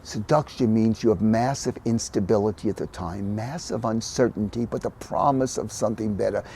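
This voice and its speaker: An older man speaking as a podcast guest, telling stories animatedly, dropping to soft murmurs and rising to loud emphatic bursts. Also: fairly low pitch, moderate pace, vocal fry, a little hiss or hum. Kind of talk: conversational storytelling.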